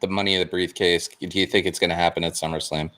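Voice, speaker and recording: A man with a lowish voice chats on a casual wrestling podcast. He poses questions to the others and builds his case step by step. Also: little pitch movement, quick pace, sharp tone.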